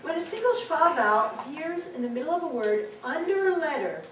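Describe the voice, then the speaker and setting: High-voiced woman teaching in a roomy classroom. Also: sing-song, fairly quick, recorded from a distance, a little hiss or hum. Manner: laughing, encouraging. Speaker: Hebrew teacher. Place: classroom with a small group.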